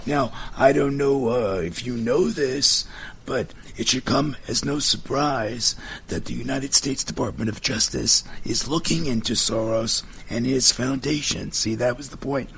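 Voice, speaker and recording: A man's voice: mid-range voice, a little slow, gravelly, a bit bright, a little hiss or hum. A man with a Brooklyn accent hosting a talk radio show, punchy and emphatic as he runs through lists. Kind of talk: casual talk radio banter.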